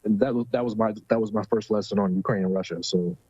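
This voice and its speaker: Low, husky, hesitant-talking man. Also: fast talker, warm tone, dry recording, dull audio. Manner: hesitant, lots of fillers. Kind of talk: casual political talk show chat.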